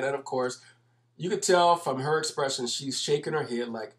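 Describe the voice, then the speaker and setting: A man's voice: mid-range voice, moderate pace. A man commenting over video clips, explaining at length in an emphatic manner and repeating his points.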